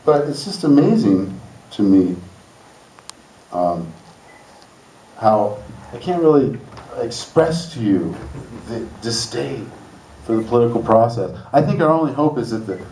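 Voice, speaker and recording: A man doing rambling, laid-back stand-up at an open stage night. His mid-pitched voice echoes around a roomy hall, picked up from a distance, with a steady murmur of ambience behind him. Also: a little hiss or hum. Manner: rambling, laid-back, loose jokey delivery. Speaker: stand-up comedian. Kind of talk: stand-up comedy. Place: school hall open stage before a laughing crowd. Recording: roomy hall, mic set far off. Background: audience laughter.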